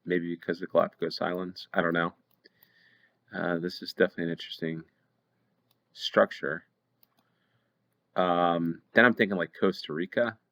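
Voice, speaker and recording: A man's voice: sits low, flat delivery, normal speed, pauses often, a bit bright. An American man hosting a play-along geography game, thinking aloud with hesitant ums as he weighs each guess. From United States. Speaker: game show host. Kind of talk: play-along gameplay commentary.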